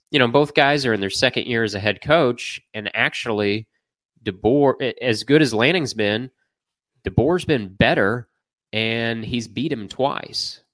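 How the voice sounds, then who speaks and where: Chatty low-voiced podcast host. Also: male voice, dry recording. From American Midwest. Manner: lively, chatty, quick to laugh. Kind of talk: casual sports podcast chat.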